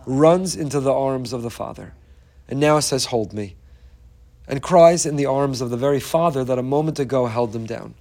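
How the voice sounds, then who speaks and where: A man's voice: mid-range voice, fairly quick, a little mellow. A man giving an inspirational Torah talk, telling stories earnestly and emphatically, often repeating phrases for weight. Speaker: Torah teacher.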